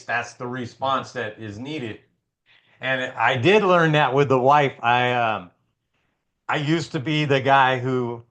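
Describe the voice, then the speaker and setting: Bright, chatty male podcast host. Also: medium pitch. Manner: casual, chatty, with fillers. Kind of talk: casual conversation.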